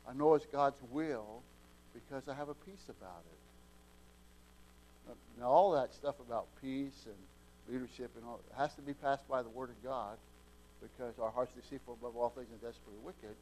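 A man delivering a plain-spoken sermon in an ordinary middle-pitched voice. He stumbles and repeats words as he works through a point, then surges loud on the key lines. It sounds like a homespun pulpit talk. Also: moderate pace, low-quality recording. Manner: folksy preaching, repeats words, swings from quiet to loud. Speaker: preacher.

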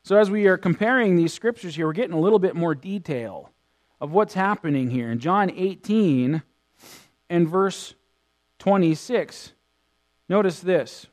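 A pastor preaching a sermon, swinging between loud bursts and hushed tones. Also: male voice, sits high, lively intonation, unhurried.

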